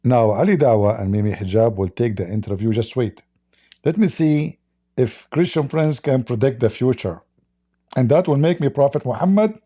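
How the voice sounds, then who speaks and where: A man's voice: mid-range voice, expressive, normal speed, warm tone, no echo, clean studio sound. A man hosting a livestream, giving sarcastic, joking commentary on a video clip and laughing often. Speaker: livestream host.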